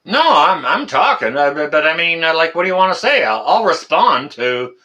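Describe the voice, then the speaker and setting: A Canadian man hosts a casual livestream in a fairly high, bright, sharp voice at normal speed. Stretches filled with "uh"s give way to excited exclamations.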